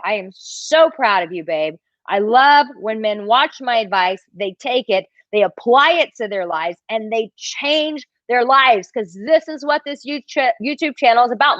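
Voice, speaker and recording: A woman dating coach talking casually on a livestream, reading out viewer comments and answering them in an animated, chatty way. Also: fairly high pitch, no echo, dull audio. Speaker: dating coach answering live chat questions.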